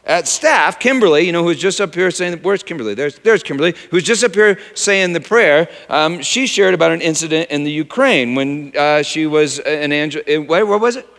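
Animated male preacher in a reverberant hall. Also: on the high side, moderate pace, hardly any pauses. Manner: conversational storytelling with rhetorical questions and asides. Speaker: pastor. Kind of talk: sermon. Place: church sanctuary. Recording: long reverb of a large hall.

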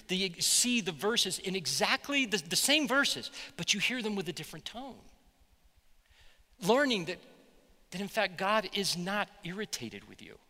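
A man, a pastor, preaching a sermon with animated storytelling. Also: high-pitched, long reverb tail. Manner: animated storytelling, voicing quotes loudly.

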